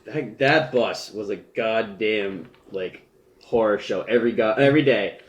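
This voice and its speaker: A man's voice: lowish voice, measured pace, muffled recording. A young man co-hosting a podcast, telling rambling stories among friends and laughing often. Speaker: podcast co-host. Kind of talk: casual chat among friends. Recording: echoey room.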